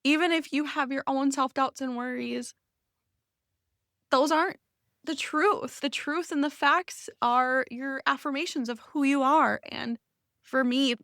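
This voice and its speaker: A woman podcast host in her thirties, speaking off the cuff with open, rambling warmth and an emotional catch. Her voice sits a little high, and the recording is close and dry with no room sound. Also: steady tone, unhurried, dry recording. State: emotional, near tears. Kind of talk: unscripted personal podcast talk.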